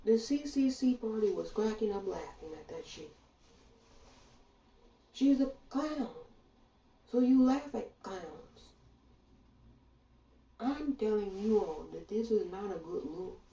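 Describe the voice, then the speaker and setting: A woman's voice: mid-range voice, expressive, slow, long pauses, warm tone, far from the mic. A woman delivering a blunt, profane political rant, speaking straight to her listeners with indignation. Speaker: political commentator. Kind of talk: ranting monologue. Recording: echoey room, voice off-mic.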